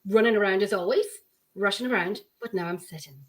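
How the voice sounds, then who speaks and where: A woman's voice: mid-range voice, fast. Irish woman, host, friendly repeats, video-call chat. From Ireland. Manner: chatty, repeats phrases.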